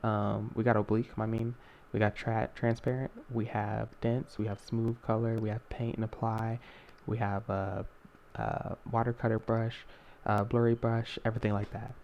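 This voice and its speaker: A man's voice: fairly low pitch, little pitch movement, normal speed, lo-fi sound, slight background noise. A young man hosting a casual screen-recorded art tutorial, talking in a rambling way with many fillers and self-corrections.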